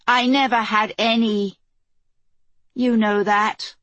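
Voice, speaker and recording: A woman's voice: on the high side, fairly even intonation, takes it slowly, a bit bright, no room sound, muffled recording, pitched above the performer's own voice. A woman narrating an audiobook and giving the lines of a proud, defiant young queen in a raised, ringing voice.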